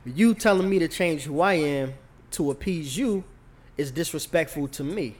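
A man's voice: on the high side, normal speed. A man hosting a podcast, a comedian talking in a laid-back casual way and often checking in with the listener. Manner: laid-back, repeats "you know what I'm saying". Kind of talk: casual chat.

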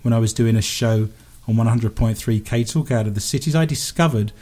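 A man's voice: mid-range voice, fairly quick, dark tone. English guy hosting a radio show, goofy rambly banter, laughs at himself a lot. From England. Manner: self-mocking, rambling, jokey. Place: home studio.

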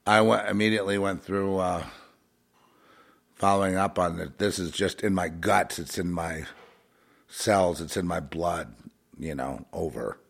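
Male speaker, unhurried, scornful spiritual talk; repeats himself for weight. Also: sits low, vocal fry, fairly bright tone. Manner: blunt, repetitive, scornful asides. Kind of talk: unscripted spiritual monologue.

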